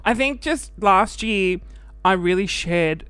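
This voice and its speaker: A man hosting a casual solo podcast, out of breath after the gym, animated and self-mocking, sometimes dropping into a whisper. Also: sits high, slow pace, smooth, dry recording, faint music behind. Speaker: podcast host.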